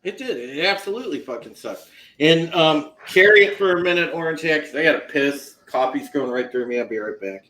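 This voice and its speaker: A man's voice: on the high side, expressive, brisk, fairly bright tone, slight background noise. A man co-hosting a live movie review, blunt and profane as he agrees and complains. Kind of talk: heated live review chat.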